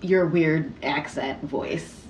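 A woman co-hosting a casual podcast chat, teasing and quick to laugh. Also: low voice, reverberant, a crowd in the background, poor audio. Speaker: podcast co-host.

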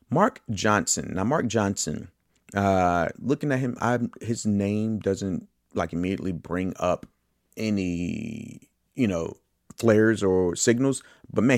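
A man with a very deep voice talks through a movie podcast in a loose, enthusiastic ramble, stopping now and then to correct himself. The sound is dry and close, with no room around it. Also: a little mellow, no room sound. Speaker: podcast host. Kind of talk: casual movie podcast monologue.

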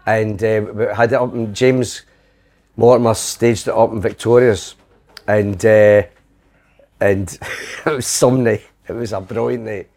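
A man's voice: fairly low pitch, fairly even intonation, a little slow, darkish tone. A middle-aged Scottish man telling rambling comic anecdotes, slipping into quoted voices. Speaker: comedian guest. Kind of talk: casual storytelling.

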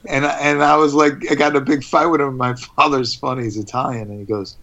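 A man telling stories in a casual interview, laughing often and animated. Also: mid-range voice, fast, vocal fry, hardly any pauses. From United States. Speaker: interview guest.

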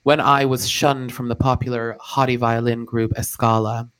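A man co-hosting a comedy podcast in character, talking in a mock-earnest, deadpan way. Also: medium pitch, moderate pace. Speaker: co-host in a comic persona. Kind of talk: deadpan comic role-play.

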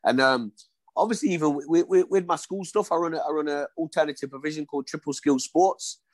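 Guy in his 40s, kinda high voice, dry sound, acts out the dialogue as he tells it. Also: fairly quick, no echo. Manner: animated, acts out quoted dialogue, repeats "you know what I mean". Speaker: guest, former boxer. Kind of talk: casual storytelling interview.

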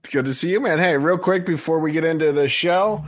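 A man co-hosting a podcast, talking in a relaxed, easygoing way with plenty of "uh" fillers as he plugs shows and tells stories. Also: a little high, brisk, dry recording, clean studio sound. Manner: relaxed, uses many "uh" fillers while plugging shows. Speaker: podcast co-host. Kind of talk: casual podcast banter.

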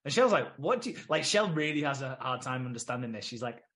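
A man's voice: medium pitch, sing-song, fast, fairly bright tone. A British man co-hosting a podcast, dryly recapping scenes in casual chat. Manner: dry recapping, retells scenes with quoted voices. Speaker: podcast co-host.

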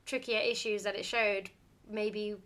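Bright, chatty woman. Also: medium pitch, flat delivery, unhurried. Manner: chatty, lots of "like", laughs often. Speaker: podcast co-host. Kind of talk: casual film review chat.

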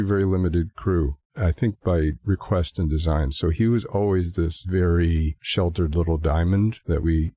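Male co-host, low mellow voice, casual rambling storyteller. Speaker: podcast co-host. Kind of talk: casual chat.

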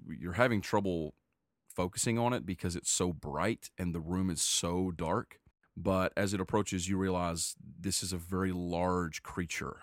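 Man, game master, low voice, dry close sound, steady descriptive narration. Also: no echo.

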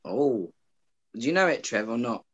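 A man's voice: mid-range voice, very animated, moderate pace, slightly rough. A man playing in a casual quiz and throwing out cheeky joke answers. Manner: jokey, cheeky guesser. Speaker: quiz contestant. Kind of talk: casual podcast quiz banter.

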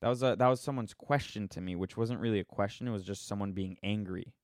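A man's voice: lowish voice, quick pace, a little mellow, no echo, clean studio sound. A man ranting casually to his viewers, sarcastic and rambling, poking fun at himself. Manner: sarcastic, rambling, self-mocking. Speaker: vlogger. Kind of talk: casual opinion rant.

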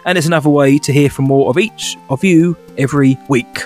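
A man co-hosting a podcast, easygoing and quick to laugh. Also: fairly high pitch, a little mellow. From United Kingdom. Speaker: podcast co-host. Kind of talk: casual chat. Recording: faint music behind.

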